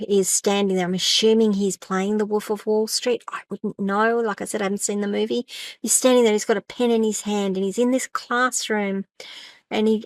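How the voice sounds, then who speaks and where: A woman's voice: mid-range voice, no echo. A middle-aged woman hosting a casual solo business podcast, chatty and rambling, with a self-deprecating touch. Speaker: podcast host.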